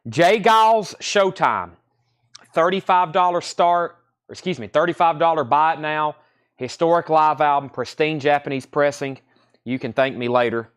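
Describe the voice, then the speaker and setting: A man's voice: medium pitch, a bit bright. A man hosting a live-stream record sale, talking in breezy, joking sales patter with repeated catchphrases.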